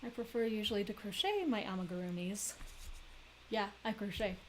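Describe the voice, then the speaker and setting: A woman's voice: mid-range voice, animated, a little fast, heavy background noise. A woman chatting in a rambling, giggly way during a crafting live stream. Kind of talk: casual chat while weaving.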